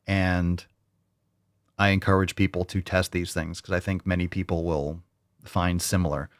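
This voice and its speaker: A man with a low voice hosts a fitness podcast, delivering a casual monologue that's blunt, heavy on swearing, and tinged with a mock-salesy streak. The studio sound is clean with no echo.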